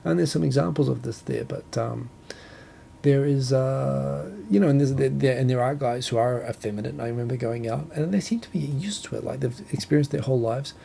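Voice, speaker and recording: A man's voice: mid-range voice, fairly quick, creaky, mellow, a little hiss or hum. A man from New Zealand with a New Zealand accent, hosting a casual solo talk show and rambling with self-corrections and chuckles. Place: home, Tokyo.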